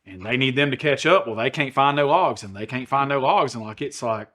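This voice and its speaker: A man's voice: mid-range voice, fairly quick, sharp tone. A middle-aged man with a Southern US accent, co-hosting a podcast and telling a rowdy, profane story, acting out the quoted lines. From American South. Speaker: podcast co-host. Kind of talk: animated storytelling.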